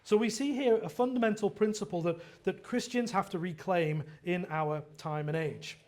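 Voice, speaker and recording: High-voiced man preaching an earnest sermon. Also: moderate pace, hardly any pauses. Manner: earnest expository preaching with frequent restarts and "right?" asides; quotes dialogue in lively voiced asides. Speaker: pastor.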